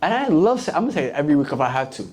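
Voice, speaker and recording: A man's voice: a little high, very animated, rapid-fire, darkish tone. A young man preaching a casual sermon to a youth group, slangy and conversational, acting out the characters.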